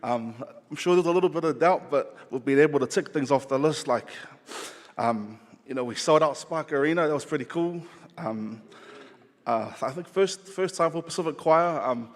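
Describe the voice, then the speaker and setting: A man giving a halting, emotional acceptance speech, choked up and self-deprecating. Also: fairly high pitch. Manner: halting, teary, self-deprecating, many ums. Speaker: award recipient, choir director. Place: large awards venue. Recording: long hall reverb.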